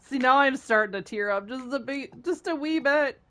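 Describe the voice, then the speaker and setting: Her voice sits high with a sharp tone, and she talks at a moderate pace. She's a game streamer chatting casually with viewers as she plays, giggling a lot and teasing in fun.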